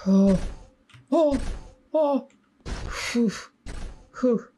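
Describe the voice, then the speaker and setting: A woman's voice: fairly high pitch, expressive, drawn-out words, mellow, slight background noise. A young woman commenting on a horror game. She gets jumpy, swears, laughs nervously and shrieks when chased. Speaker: gaming YouTuber.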